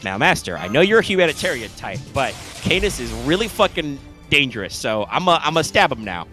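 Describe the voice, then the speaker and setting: A man's voice: medium pitch, very animated, fairly quick, bright, forceful tone, faint music behind. A man voicing a brash male hero in his own voice, offhand and swearing.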